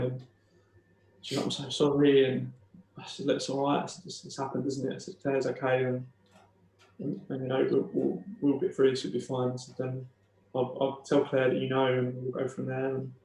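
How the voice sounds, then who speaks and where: A young man quietly retelling a painful personal story as a podcast guest, halting and emotional, with many restarts. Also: medium pitch, reverberant.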